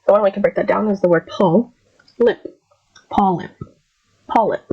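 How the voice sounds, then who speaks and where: A woman who is a little sick, teaching an English pronunciation lesson and drawing out each word slowly so it can be repeated. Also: mid-range voice, dark tone, slightly rough, highs cut off. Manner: slow, drawn-out modeling of words. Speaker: English accent coach.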